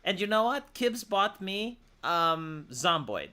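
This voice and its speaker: A man's voice: high voice, very animated, slow, pushed and bright, clean tone. A man with a Romanian accent chatting on a stream, rambling and stammering through restarts. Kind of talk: casual stream banter.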